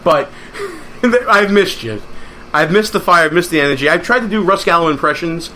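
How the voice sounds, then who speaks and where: A man's voice: a little high, expressive, normal speed, pushed and bright, slight background noise. A man hosting a political talk show, speaking in an emphatic, rallying, conversational way. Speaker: host.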